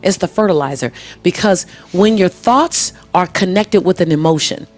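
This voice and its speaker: A woman's voice: on the low side, normal speed. A woman talking earnestly about visualization in a conversation, repeating key phrases for emphasis. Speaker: interview guest. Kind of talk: motivational conversation. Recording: music playing underneath.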